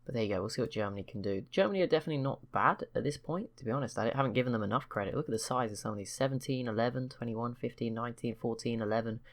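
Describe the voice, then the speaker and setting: A man's voice: mid-range voice, racing, few pauses. A man hosting a strategy game channel, chatting casually over gameplay with rambling, self-correcting remarks and wry teasing asides. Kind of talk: casual let's-play commentary.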